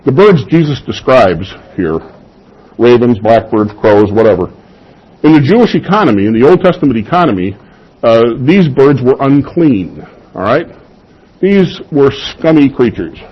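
A man with a husky, breathy voice delivering a sermon. He makes his points firmly, poses rhetorical questions and laughs softly now and then. The sound is dull and slightly muffled. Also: medium pitch, sing-song, moderate pace. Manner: emphatic, with rhetorical questions and soft chuckles. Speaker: pastor.

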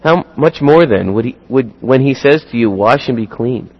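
A man preaching a sermon, animated, acting out the dialogue in sudden louder bursts. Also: medium pitch, normal speed, highs cut off. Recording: long hall reverb.

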